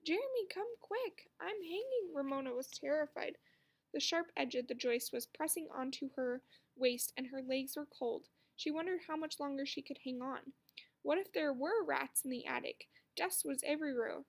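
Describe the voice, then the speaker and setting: A woman reading a children's book aloud with expressive storytelling. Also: sits high, moderate pace, creaky. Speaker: narrator.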